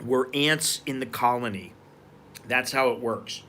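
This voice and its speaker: A man's voice: mid-range voice, unhurried, sharp tone, a little hiss or hum. A man from the United States telling a story and ranting on a live stream, heated and profane. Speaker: vlogger. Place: outdoors at a market.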